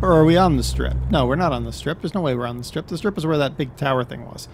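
A talkative man with a fairly high-pitched voice, riffing through a gameplay session. He jokes as he goes and laughs at his own remarks. A faint hum of noise sits under his voice. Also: fast talker, few pauses. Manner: chatty, joking, laughs at himself. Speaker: gameplay commentator. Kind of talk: casual let's-play commentary.

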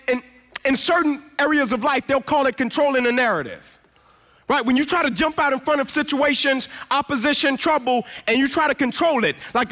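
A man with a very high, bright, ringing voice delivers a motivational sermon in a church. He tells his story emphatically, dropping into quieter tones to act out the other people in it. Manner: emphatic storyteller, acts out quoted dialogue. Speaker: guest speaker.

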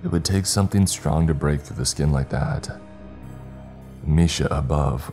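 A man narrating a horror story in a measured, dramatic manner. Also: extremely low pitch, darkish tone. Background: faint background music.

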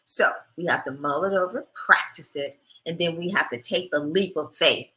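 This is a middle-aged woman co-hosting a relationship talk show, measured and reflective, guiding the talk with questions. Her voice sits fairly low yet sounds bright and clear-edged. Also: poor audio. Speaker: co-host.

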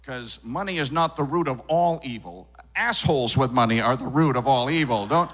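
A man doing a live stand-up set on a theater stage, animated and jumping between put-on voices and dialects. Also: mid-range voice, normal speed. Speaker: stand-up comedian.

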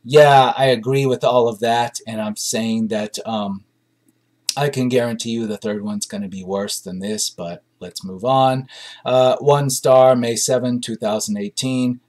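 A man's voice: medium pitch, steady tone, unhurried, a little mellow. A man hosting a movie review show. He reads out audience reviews and reacts in casual, blunt commentary full of ums and uhs.

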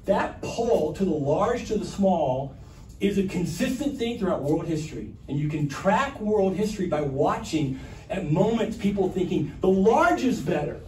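A man giving a conversational history talk to a library audience, with animated asides. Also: high-pitched, normal speed. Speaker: history lecturer. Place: library meeting room. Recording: echoey room, from a distance, faint room noise.

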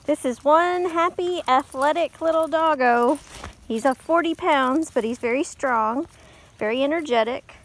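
Rescue volunteer woman doing slow sing-song baby talk at a dog. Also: sits high. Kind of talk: cooing at a dog in a rescue video.

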